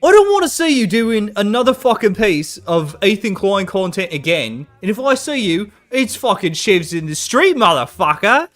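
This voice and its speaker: A man putting on a shouting Australian accent to play a furious, cursing man making threats. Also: high-pitched, big pitch swings, normal speed, hardly any pauses, soft background music, voice pushed up.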